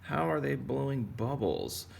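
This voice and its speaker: A man's voice: medium pitch, huge pitch swings, unhurried, gravelly, a little mellow, a little hiss or hum. A man from Texas giving a casual drawing lesson for kids, rambling and playful as he goes. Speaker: art teacher.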